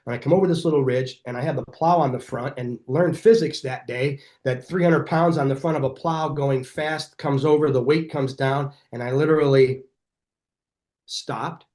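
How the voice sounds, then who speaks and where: A middle-aged man speaks as a guest on a podcast, in a voice of ordinary, middle pitch. He tells his stories with energy and acts out the voices of the people in them. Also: normal speed. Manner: energetic, animated storyteller who acts out quoted dialogue. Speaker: chiropractor guest. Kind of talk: podcast interview storytelling.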